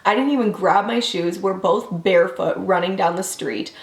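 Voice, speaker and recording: A woman's voice: mid-range voice, roomy sound. Chatty young woman telling a story. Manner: chatty, quick, filler-heavy; animated voices when quoting people. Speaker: vlogger. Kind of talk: casual storytime.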